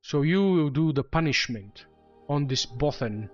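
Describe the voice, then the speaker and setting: A man's voice: a little high, lively intonation, measured pace, muffled recording, soft background music. A man voicing a cold alien chieftain. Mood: scornful. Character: ruthless male alien chieftain, cold and commanding.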